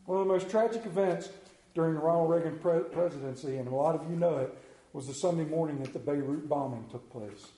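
Earnest preacher man, high, echoey. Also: quick pace, mellow. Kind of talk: sermon.

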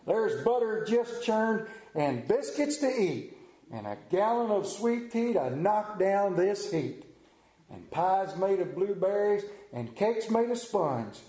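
A man's voice: high-pitched, dark tone, reverberant, rough recording. A man playing a folksy country farm man who recites a rhyme about supper in a hammy rural twang.

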